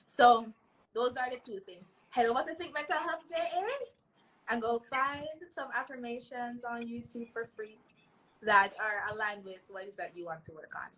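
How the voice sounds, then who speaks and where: A woman's voice: on the high side, normal speed, fairly bright tone, slight background noise, rough recording. A woman, a mental health advocate earnestly giving advice in an interview, often checking in with "right?". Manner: earnest, emphatic, tags lines with "right?".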